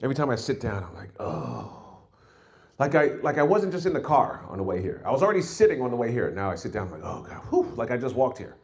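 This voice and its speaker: Lively, rambling New comic, forties. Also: male voice, mid-range voice, rapid-fire, few pauses. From New York. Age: 40s. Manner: rambling and self-mocking, with loud jumps into put-on exclamations. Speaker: stand-up comedian. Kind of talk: stand-up set.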